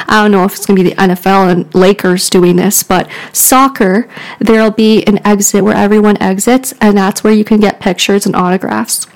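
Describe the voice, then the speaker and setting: A woman telling a story on her podcast in a loose, rambling way. Her speech is full of "like" fillers, and she laughs a lot as she goes. Her voice sits in a mid pitch. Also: poor audio. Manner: rambling, filler-heavy with frequent "like"; giggly, laughs often. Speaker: podcast host. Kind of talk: casual storytelling.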